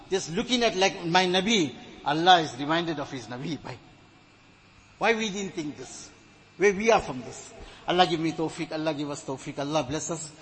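A man's voice: fairly high pitch, moderate pace, a bit bright, rough recording. A man preaching a sermon, earnest and exhorting, telling stories with retold dialogue.

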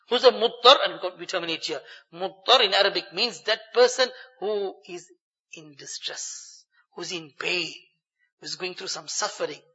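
Guy preaching a ramadan sermon, high voice, dull lo-fi sound, earnest, repeats stuff. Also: pushed and bright, in a large hall. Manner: earnest, repeats phrases for stress, recites Arabic verses. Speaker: Islamic preacher.

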